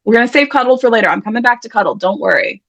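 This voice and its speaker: Racing along in a high-leaning voice with lively intonation, a woman emcees an online writers' event, running a word game on a video call. The recording is dry, and she's chatty, playful and self-deprecating as she reads out what players suggest.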